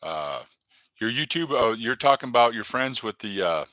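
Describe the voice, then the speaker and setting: A man's voice: mid-range voice, sing-song, normal speed, sharp tone, no echo. A man hosting a live stream, rambling and joking casually as he talks to viewers in the chat by name. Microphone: desk webcam setup.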